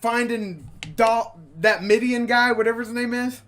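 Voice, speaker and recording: Slow, bright-toned laughing co-host. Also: mid-range voice, steady tone. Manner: laughs often, agreeable, swears casually. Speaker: podcast co-host. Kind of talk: casual chat.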